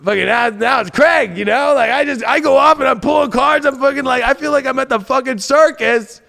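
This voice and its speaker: A man hosting a tarot reading in a casual, excitable and profane way. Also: very high voice, fairly quick, gravelly. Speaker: tarot reader host.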